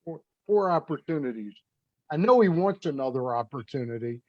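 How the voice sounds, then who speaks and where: A man's voice: on the high side, animated, moderate pace, no room sound. A man hosting a sports talk interview, asking long, rambling questions with fillers. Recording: dull, dry audio.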